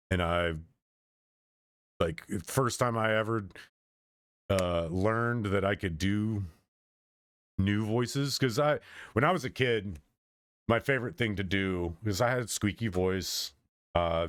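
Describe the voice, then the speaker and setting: A man in his thirties talks in a loose, wandering monologue, circling back on his own sentences. His voice sits low, and the close mic sounds dry with no room around it. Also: clean tone, dry recording. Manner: meandering, with frequent restarts and trailing off. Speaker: streamer. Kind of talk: casual rambling monologue.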